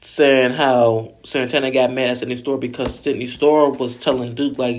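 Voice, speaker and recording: Man, casual vlog recap, blunt, cussing, opinionated, rambling, mid-pitched voice. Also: steady tone, moderate pace. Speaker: vlog host reviewing a reality show. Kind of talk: casual reality TV recap commentary.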